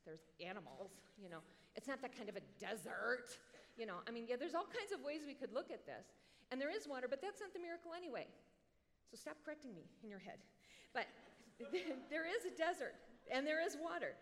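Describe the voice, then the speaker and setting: A woman preacher giving a sermon in an animated, conversational way, with joking asides, in a large hall. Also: high voice, fairly quick. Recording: long hall reverb.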